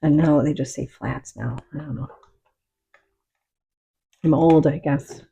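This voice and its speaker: A middle-aged woman painter talking calmly and reflectively while she works, open about her feelings. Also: sits low, takes it slowly, creaky, husky. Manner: calm, reflective, openly emotional. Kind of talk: casual talk while painting.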